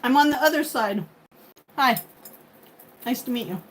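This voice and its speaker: A woman's voice: sits high, animated, unhurried, fairly bright tone, rough recording. A woman in her fifties hosting a casual livestream, chatting and thanking viewers by name. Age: 50s. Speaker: livestream host. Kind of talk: casual live chat with viewers. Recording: faint background noise.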